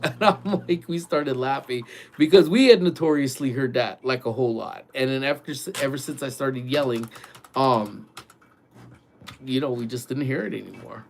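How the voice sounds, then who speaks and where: A man vlogging from his workplace early in the morning, telling a ghost story in a loose, animated way full of "like" and "dude". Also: mid-range voice, normal speed, vocal fry, a little hiss or hum. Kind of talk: casual storytelling.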